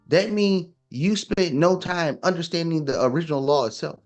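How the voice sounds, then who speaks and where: Emphatic man preaching on money, higher voice. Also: normal speed, soft background music. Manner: preachy, emphatic, rhetorical questions. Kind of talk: casual opinion talk.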